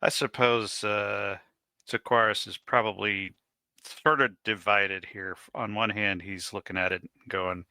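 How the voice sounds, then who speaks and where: A man playing a tabletop game, speaking thoughtfully and measured. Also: lowish voice, fairly even intonation, sharp tone, smooth, no echo. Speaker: player.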